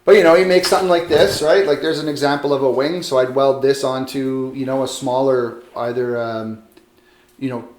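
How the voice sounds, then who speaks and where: A man, a metal sculptor, chatting casually and a bit ramblingly about how he works, self-deprecating and relaxed. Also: medium pitch, moderate pace. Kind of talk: casual interview. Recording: roomy echo.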